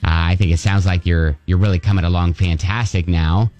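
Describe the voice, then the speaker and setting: A man's voice: deep voice, steady tone, a little fast, a little mellow, faint music behind, close to an everyday voice. A man putting on a haughty male head of a French department on a prank call, with a condescending, stammering manner. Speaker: prank caller.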